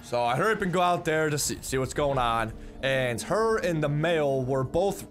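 A man's voice: fairly high pitch, expressive, normal speed, fairly bright tone, faint music behind. A young man telling a story in a casual, rambling way, often repeating words and swearing bluntly. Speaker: vlogger.

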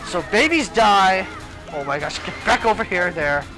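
A man's voice: high voice, animated, normal speed, over music, rough recording. A young man commentating his own gameplay as a let's play host, exasperated and exclaiming at the game.

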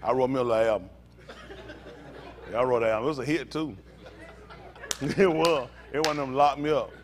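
Animated man preaching with stories. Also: mid-range voice, brisk, crowd noise, noisy background. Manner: animated, laughing storytelling with Southern slang. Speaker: pastor. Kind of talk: storytelling sermon.

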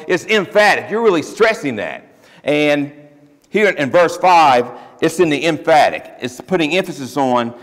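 A pastor from Ohio preaches a sermon in a church sanctuary, his fairly high, expressive voice moving at a moderate pace. He speaks emphatically and conversationally, using plain everyday phrases, and the recording carries long church reverb.

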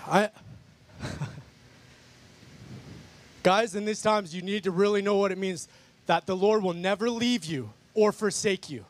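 There's a little hiss or hum behind this high-voiced man, who speaks a little slowly with long pauses. He's a guest speaker sharing an emphatic, fervent testimony with worshippers in a park, repeating himself and addressing them as "guys" throughout.

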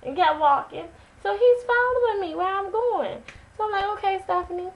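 Woman vlogger, high-pitched, animated casual storyteller. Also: normal speed, dull audio. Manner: animated, chatty, dramatic retelling.

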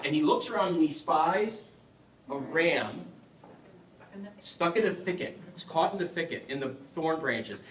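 A man's voice: high voice, a bit bright. A middle-aged man giving a conversational teaching talk at a parish adult education evening, humorous and often putting questions to the audience. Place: parish hall. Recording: echoey hall, mic far off.

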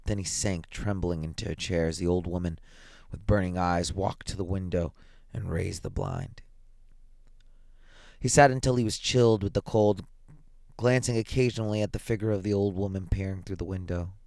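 A man reading a classic horror short story aloud as narrator, measured and dramatic, with deliberate pauses. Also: low-pitched, steady tone, darkish tone, no echo.

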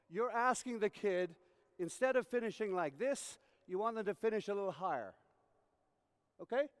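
A man's voice: high voice, smooth. A man giving a coaching lecture at a conference, explaining through acted-out examples and often checking in with his audience. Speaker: tennis coach educator. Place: conference hall. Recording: reverberant hall recording.

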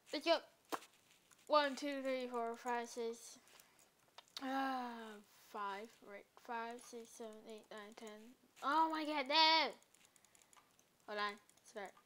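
A woman with a slightly high voice talks through a building tutorial at an unhurried pace. She counts blocks out loud, mutters to herself and drops playful asides to viewers. Faint keyboard clicks sit behind her. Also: fairly even intonation, a little hiss or hum. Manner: chatty and playful, with little apologies to viewers. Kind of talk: casual gameplay tutorial narration.

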